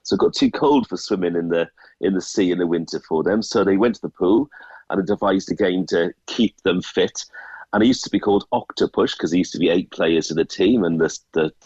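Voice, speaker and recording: A man's voice: low voice, brisk, a little mellow, breathy edge, no echo, muffled recording. A man with a Welsh accent, a radio guest chatting casually and explaining things, sometimes repeating words. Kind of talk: casual radio phone chat.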